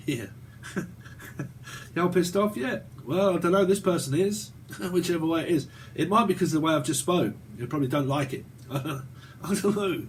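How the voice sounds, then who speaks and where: There's a little hiss or hum behind this fairly high-pitched man as he talks at a moderate pace. He's a British tarot reader in his forties, delivering a loose, foul-mouthed reading and laughing a lot.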